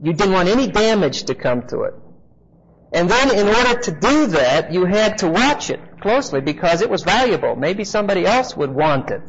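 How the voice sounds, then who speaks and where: A man teaching a Bible class in a conversational way. He spells out word meanings slowly, repeats key phrases and asks his listeners questions. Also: a little high, vocal fry, slightly rough. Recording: muffled lo-fi recording.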